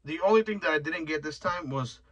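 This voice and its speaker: A man's voice: fairly high pitch, a little fast, a bit bright, poor audio. A young man hosting his own podcast, telling rambling stories in a loose, profane, joking way. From Mexican heritage. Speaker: podcast host. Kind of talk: casual solo podcast rant.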